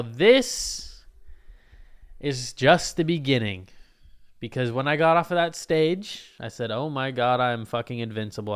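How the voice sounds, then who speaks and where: A young man telling a story about his comedy gigs in a casual, animated and profane way, mocking himself. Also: mid-range voice, clear, resonant tone.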